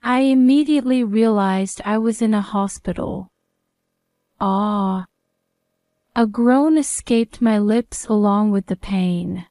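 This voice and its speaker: Female storyteller, first-person narration; calm, measured, very slow delivery, dry close sound. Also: fairly high pitch, clear, resonant tone, dry recording.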